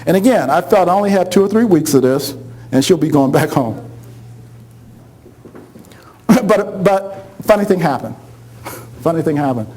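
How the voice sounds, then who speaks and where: A man's voice: high-pitched, measured pace, long pauses, low-quality recording. A middle-aged man telling a funny personal story, acting out the voices of the people in it. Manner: animated, acts out quoted voices, laughs along.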